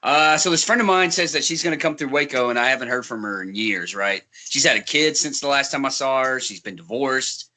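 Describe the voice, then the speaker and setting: A man's voice: mid-range voice, fairly quick, few pauses, sharp tone. A man co-hosting a podcast, chatting casually, laughing often and swearing as he tells a story. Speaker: podcast co-host.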